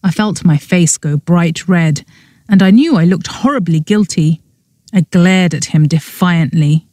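A woman narrating a first-person cozy mystery audiobook in a brisk storybook reading. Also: fairly low pitch, dark tone, no room sound, studio quality.

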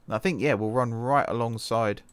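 A man's voice: mid-range voice, normal speed, clean tone, no echo. A man from the UK giving casual, thinking-aloud commentary while playing a computer game, often changing his mind and correcting himself. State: wrist pain. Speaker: game let's-play host.

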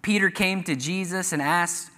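A man's voice: high voice, moderate pace, pushed and bright. A man preaching a sermon as pastor, earnestly reading scripture aloud with emphatic rises. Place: church sanctuary. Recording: church hall reverb.

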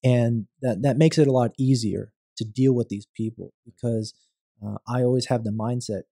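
A man, a real estate attorney and podcast guest, speaking in a measured, thoughtful way with frequent restarts in a conversational interview. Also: medium pitch, fairly even intonation, creaky, dark tone, no room sound, clean studio sound.

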